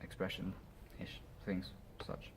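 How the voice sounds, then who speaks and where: A man's voice: slow pace, a little hiss or hum. A man drama student talking in a casual group discussion, hesitant, with many ums.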